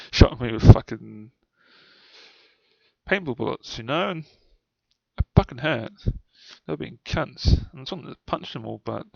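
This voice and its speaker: A man's voice: mid-range voice, expressive, takes it slowly, vocal fry, pauses often, darkish tone, dry recording. A young man with a New Zealand accent telling childhood stories in a rambling, sweary way. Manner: rambling, swears often, trails off. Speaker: vlogger. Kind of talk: casual storytelling to camera. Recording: dull, dry lo-fi sound.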